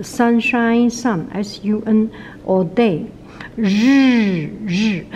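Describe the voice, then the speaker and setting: A woman with a Chinese accent, a native Chinese speaker, teaching pronunciation in a casual video lesson and repeating sounds many times, slowly and patiently. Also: fairly high pitch, dark tone, slight background noise, poor audio.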